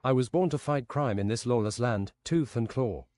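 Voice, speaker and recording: A man doing a deadpan pigeon superhero. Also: mid-range voice, moderate pace, no echo, studio quality, lightly acted. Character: boastful pigeon-winged male crime fighter.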